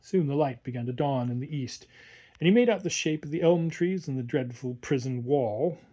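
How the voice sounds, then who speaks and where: A man narrating an audiobook with slow, measured storytelling. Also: mid-range voice, dark tone. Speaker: audiobook reader.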